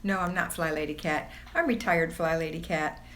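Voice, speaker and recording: A woman's voice: deep voice, steady tone, normal speed, a bit bright. A woman hosting a casual livestream, bubbly and gushing as she greets viewers one by one. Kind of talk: casual live-stream chat. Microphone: phone or camera on a borrowed tripod.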